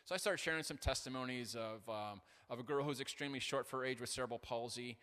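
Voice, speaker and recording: A male pastor delivering an animated sermon with self-deprecating humor, his voice bright and forceful. He stumbles through fillers and restarts as he tells stories. A long reverb trails off each phrase in the big hall. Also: medium pitch, quick pace. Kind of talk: sermon with storytelling.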